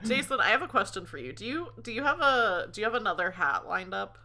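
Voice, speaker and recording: A woman's voice: medium pitch, sing-song, fast talker, pushed and bright. A young woman casually running a tabletop game, giggling and rambling with many fillers. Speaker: game facilitator.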